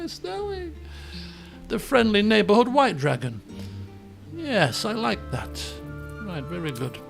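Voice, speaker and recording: Man, young adult, game streamer, casual jokey commentary, high voice, gravelly. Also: a bit bright. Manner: chatty, musing aloud, jokey.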